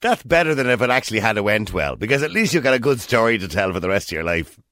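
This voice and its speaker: An Irish man hosting a talk radio phone-in, jumping in with quick encouraging comments. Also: fairly low pitch, dry recording. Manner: lively, quick, encouraging interjections. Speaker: radio host.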